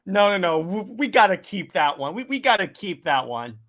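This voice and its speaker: A man's voice: sits high, very animated, moderate pace, fairly bright tone. A young man co-hosting a casual movie review podcast, talking with enthusiasm and often restarting his sentences. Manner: enthusiastic, rambling with many restarts. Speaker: podcast co-host.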